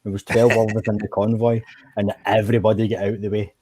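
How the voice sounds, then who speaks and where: A man's voice: on the low side, flat delivery, fast talker, darkish tone. A man in casual chat while gaming, swapping blunt, sweary anecdotes and laughing often.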